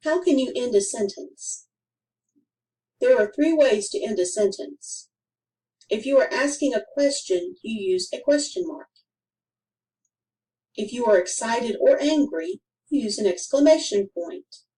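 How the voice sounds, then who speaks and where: A woman reading a grammar lesson for children aloud, in a careful, deliberate way with clear pauses. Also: a little high, lively intonation, dark tone, far from the mic, poor audio. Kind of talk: slow scripted instructional narration.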